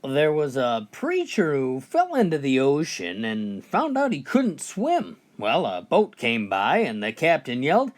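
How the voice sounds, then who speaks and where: Folksy, animated male joke teller. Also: medium pitch, unhurried, hardly any pauses. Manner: folksy delivery, often opening lines with "well". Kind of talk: told jokes, comic storytelling.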